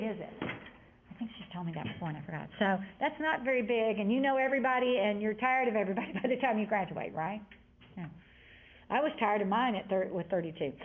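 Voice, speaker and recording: A woman teacher giving a grammar lesson to a class, chatty and prone to rambling asides as she explains. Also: mid-range voice. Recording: tinny lo-fi classroom audio.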